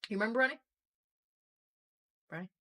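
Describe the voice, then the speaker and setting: Female streamer, quick casual chatter, bright tone. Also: on the high side, expressive. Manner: quick, bubbly, reads chat messages aloud. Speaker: streamer and host. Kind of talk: casual chat while reading live chat.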